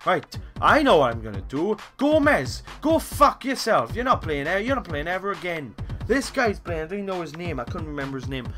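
Young guy yelling and muttering over a football game, swears a lot, music faint underneath. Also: on the high side, big pitch swings, brisk, few pauses. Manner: swearing, swings between shouting and muttering. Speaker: gaming YouTuber. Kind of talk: gameplay commentary.

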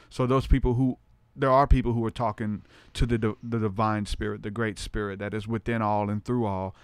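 A man with a low, smooth, resonant voice talks through his ideas earnestly and reflectively, often stopping on fillers as he finds his words. He is recorded close and dry. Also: no room sound. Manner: earnest, thinks aloud with many fillers. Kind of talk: reflective conversation.

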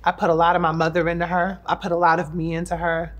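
Woman, 30s, from Newark, actress, slightly low pitch, effusive, heartfelt, playful asides. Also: completely flat delivery, fast. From Newark, New Jersey. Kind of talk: casual career retrospective.

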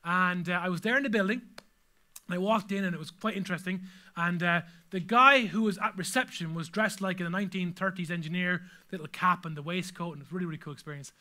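A man's voice: high-pitched, fast talker, sharp tone. A man preaching a sermon as pastor, telling stories with humor and animation.

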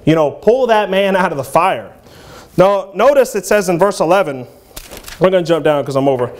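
A man in his thirties delivers a sermon in a church, his voice sitting high for a man. He keeps it conversational, slipping in "you know" and "man" between passages of old-style scripture. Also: animated, normal speed. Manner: reads scripture aloud in King James English. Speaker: preacher.

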